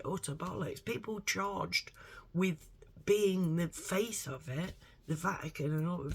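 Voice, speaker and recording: A woman talks straight to her viewers in a loose, rambling rant. Her voice is gravelly with a husky, breathy edge. She is blunt, swears constantly and leans hard on every point. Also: fairly low pitch. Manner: blunt, heavily swearing, emphatic. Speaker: vlogger. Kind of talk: rambling opinion monologue to camera.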